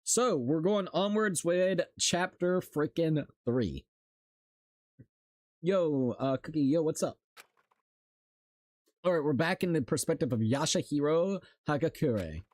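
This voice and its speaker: A young man livestreaming and reading a novel aloud in loose, slangy talk. His voice sits a little high, and he trips over words and corrects himself as he goes. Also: expressive, slow pace, pauses often, darkish tone, no room sound. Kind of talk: casual stream chat and reading aloud.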